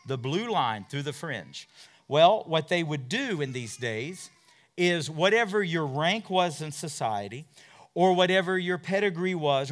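Dramatic preacher man, voice leaping up and down. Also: fairly high pitch. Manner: dramatic, swings from loud to hushed; asks the listeners many questions. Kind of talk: sermon.

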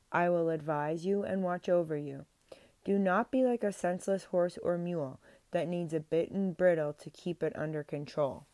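Earnest rambling woman, low, dry sound. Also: darkish tone, dry recording. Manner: earnest, rambling, with many restarts and "like". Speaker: faith vlogger. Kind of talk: casual spoken faith monologue. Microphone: speaking into a mic.

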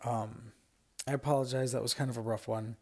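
This podcast host has a husky voice, medium in pitch and steady in tone, and he talks fairly quickly. Reading stories sent in by listeners, he drifts along in a relaxed, rambling style, tossing in fillers and side comments and laughing a lot.

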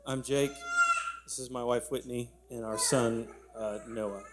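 A man's voice: medium pitch, fairly even intonation, measured pace, music in the background. A man, a parent, briefly and plainly introducing his wife and child during a church dedication.

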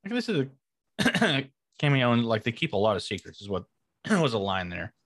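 A man's voice: medium pitch, very animated, moderate pace, fairly bright tone, no echo, clean studio sound. A man co-hosting a casual podcast, bantering and laughing easily. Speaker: podcast co-host. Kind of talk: casual chat.

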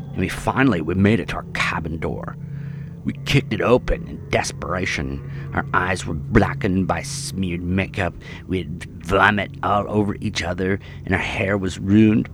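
A man narrating a spooky story in a hushed, dramatic way, often dropping to a whisper, with music behind. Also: deep voice. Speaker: narrator of listener horror stories.

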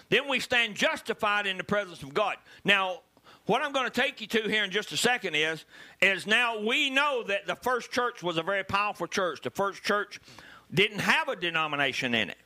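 A male pastor preaches with lively, swooping pitch and a very bright, forceful tone. His voice sits high for a man, and he swings between quiet asides and loud, punchy lines. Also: moderate pace. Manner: animated preaching with sudden loud emphasis. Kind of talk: sermon.

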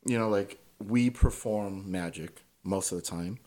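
A man's voice: on the low side, measured pace, dark tone. Swearing, candid male podcast guest. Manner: swears freely, keeps checking in with "right?". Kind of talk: casual conversational storytelling.

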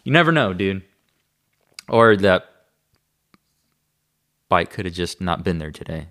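A man's voice: low-pitched, very animated, measured pace, a bit bright. A man talking casually to the camera about fishing, in a laid-back, slangy way with frequent chuckles. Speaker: bass fishing angler. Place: room at home.

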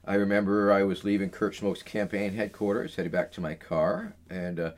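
A man's voice: sits low, fairly even intonation, moderate pace, slight background noise. A middle-aged man, an interview guest, telling stories in a rambling way full of uh and um fillers. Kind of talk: casual storytelling in an interview.

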